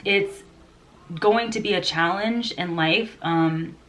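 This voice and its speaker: A woman's voice: mid-range voice, slow pace, fairly bright tone. A congested woman chatting in a rambling, unedited home vlog, laughing often. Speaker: vlogger. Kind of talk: casual unedited vlog chat.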